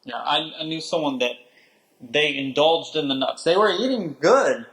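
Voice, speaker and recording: A man co-hosting a health talk, adding examples in a halting way with pauses. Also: fairly high pitch, lively intonation, a bit bright, low-quality recording.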